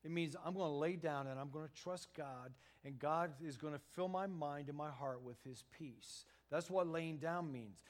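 A middle-aged man preaching a sermon as pastor, earnest and emphatic, swelling louder at key points and stumbling into quick restarts. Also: fairly high pitch.

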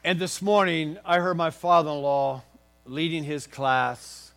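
A man's voice: on the high side, a little slow, vocal fry, a bit bright, smooth. A male pastor preaching a sermon in a folksy, encouraging way, joking with the congregation and leading them in song.

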